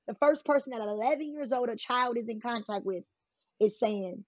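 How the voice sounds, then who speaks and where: Woman interview guest, husky and candid, emphatic storyteller, dull dry lo-fi recording. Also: fairly high pitch, normal speed, no room sound. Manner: emphatic, plain-spoken, acts out quoted voices. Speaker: guest telling her life story.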